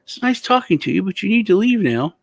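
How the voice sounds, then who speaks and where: A man's voice: high voice, very animated, a little fast, vocal fry, no room sound, voice pushed up, heavily acted. A man doing a polite, confused very old grandpa. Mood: bewildered polite.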